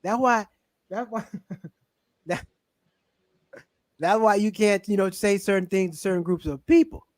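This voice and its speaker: A man hosting a relaxed live-stream chat, talking loosely and swearing without a second thought. His voice sits high for a man. The sound is dry and close. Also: unhurried, pauses often, no room sound. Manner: laid-back, swears casually. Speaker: livestream host.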